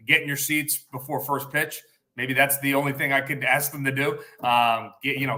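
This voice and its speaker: A man co-hosting a sports radio show, confident and steady with frequent "um" and "you know" fillers. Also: medium pitch. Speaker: radio co-host.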